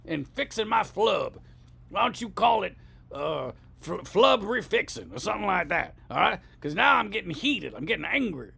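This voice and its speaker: A man's voice: high voice, vocal fry, pushed and bright, husky. A man ranting with mock indignation on a comedy podcast, rambling and getting worked up. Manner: indignant, rambling, escalating complaints. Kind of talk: improvised comedy rant.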